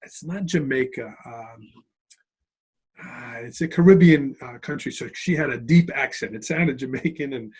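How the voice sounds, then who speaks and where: A man's voice: mid-range voice, normal speed, breathy edge. A middle-aged man, a school principal and author, telling stories in a conversational interview and often checking in with "right?". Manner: animated, tags lines with "right?" and "like".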